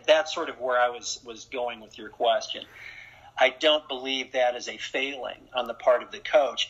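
A man who works as a strength and conditioning coach, a guest in an interview, explaining his views in a measured way. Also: mid-range voice, sharp tone, slightly rough. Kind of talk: interview conversation. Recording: dull lo-fi sound.

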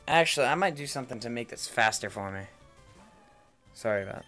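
A man's voice: medium pitch, expressive, brisk, long pauses, pushed and bright, faint music behind. A man giving casual game commentary as a let's player, rambling and playful, repeating words, on a headset mic.

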